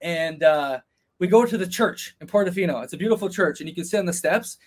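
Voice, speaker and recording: A man telling a casual travel story as a podcast guest, animated, swearing freely and acting out the other people in it. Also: high-pitched, a little fast. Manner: animated, acts out quoted voices, swears freely.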